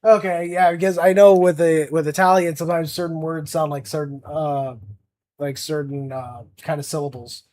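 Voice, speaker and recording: A man's voice: on the high side, fairly even intonation, moderate pace, darkish tone. A young man chatting casually on a livestream as an art streamer, rambling with lots of fillers and restarts.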